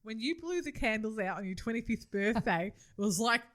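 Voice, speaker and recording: A woman's voice: a little high, lively intonation, normal speed, a bit bright. A middle-aged woman with an Australian accent, co-hosting a casual podcast chat in a teasing, playful way. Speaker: podcast co-host.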